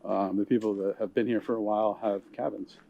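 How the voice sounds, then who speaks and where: This is a handheld-camera recording of a man's casual walking tour of an outdoor hunting camp, with the high frequencies cut off. His fairly low, creaky voice moves a little fast, and he huffs slightly in the heat while chatting easily and pointing things out as he walks.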